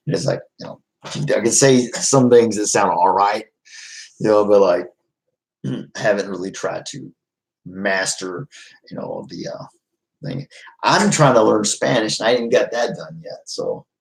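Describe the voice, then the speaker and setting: A man's voice: lowish voice, unhurried, gravelly, long pauses, rough recording. A man chatting casually with his live-stream viewers, easygoing and rambling, often laughing. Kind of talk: casual livestream chat.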